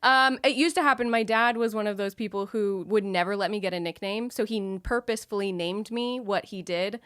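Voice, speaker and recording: A woman's voice: medium pitch, a little fast, a bit bright, smooth, no echo, studio quality. A young woman chatting as a podcast guest, telling stories and laughing often. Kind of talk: casual chat.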